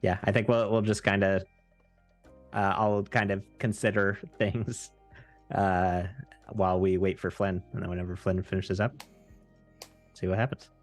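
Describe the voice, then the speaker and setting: A man playing a tabletop game in a relaxed, laid-back way. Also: deep voice, a little slow, pauses often, soft background music. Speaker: player.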